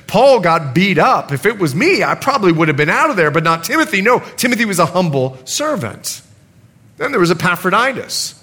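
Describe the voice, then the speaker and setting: A man's voice: high-pitched, fairly bright tone. A middle-aged man preaching a sermon as pastor, reading scripture aloud with emphasis.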